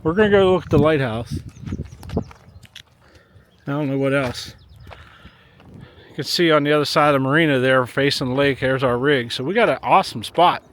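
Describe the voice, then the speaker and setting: A man's voice: medium pitch, normal speed, long pauses, a bit bright, a little hiss or hum. A middle-aged man giving an easygoing, matter-of-fact walking tour of a lakeside campground outdoors, thinking aloud as he goes. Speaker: RV travel vlogger. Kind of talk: casual walking tour commentary. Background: background music.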